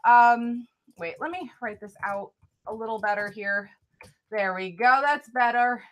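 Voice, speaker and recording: A woman's voice: a little high, measured pace, fairly bright tone, highs cut off. A woman chatting casually on a live stream, reading out viewer names, thanking viewers and apologizing a lot. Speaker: live-stream tarot reader.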